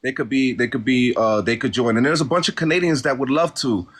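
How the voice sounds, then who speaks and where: A man with a husky edge to his voice joins a live debate stream as a guest. He talks in a laid-back, teasing way, full of slang. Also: mid-range voice, brisk, fairly bright tone. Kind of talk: casual heated debate.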